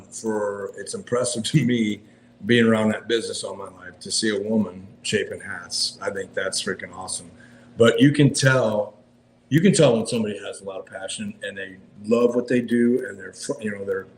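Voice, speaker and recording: Excited guy hosting a chat, lowish voice, roomy echo, some hiss. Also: moderate pace. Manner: enthusiastic, repeats himself, laughs often. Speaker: interview host. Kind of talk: casual interview chat. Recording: echoey room with faint noise.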